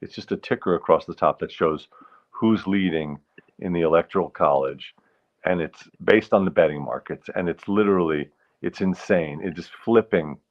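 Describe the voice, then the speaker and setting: A man hosting a casual solo livestream, rambling and punning, often interrupting himself and clearing his throat. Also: deep voice, normal speed, highs cut off. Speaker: livestream host.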